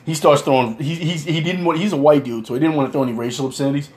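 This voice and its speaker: A man's voice: on the high side, fairly even intonation, racing, few pauses, darkish tone. A foul-mouthed man telling a story. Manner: crude, mocking, swearing constantly. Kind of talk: profane comic storytelling rant.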